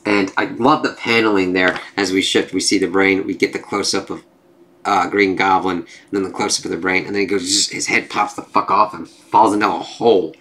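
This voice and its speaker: A man's voice: low-pitched, fairly even intonation, fairly quick, pushed and bright. A man reviewing a comic book in a casual vlog, who swears freely while reading out panels. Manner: casual and profane, reads out panels.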